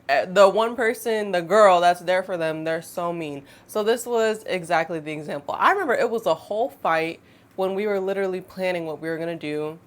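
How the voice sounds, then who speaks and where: Chatty young woman telling a story. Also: medium pitch. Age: 20s. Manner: animated, chatty, laughing asides. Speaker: storytime vlogger. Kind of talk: casual storytime monologue.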